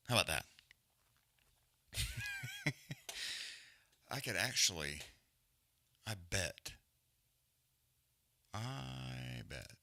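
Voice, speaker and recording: A man's voice: mid-range voice, pushed and bright, no room sound. A man hosting a livestream, giving casual, profane, rambling commentary on a fight and griping about stream glitches. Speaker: livestream host.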